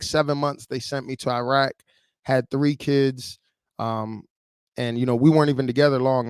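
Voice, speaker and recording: A man in his thirties from Chicago tells a personal story on a livestream. He speaks in a casual, emotional way, full of "like" and "you know." His voice sits at a middle pitch, and it sounds dry and close to the mic. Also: no room sound. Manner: emotional, conversational, many fillers. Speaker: livestream host.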